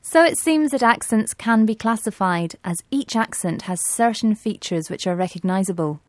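A woman presenting a language-learning programme, explaining points clearly and in a friendly way from a script. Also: medium pitch, animated, moderate pace, dry recording.

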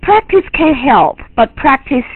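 A woman's voice: high-pitched, big pitch swings, measured pace, dry recording. A woman teaching a class, lecturing emphatically and repeating her key points. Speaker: English teacher. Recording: tinny lo-fi, phone-like recording.

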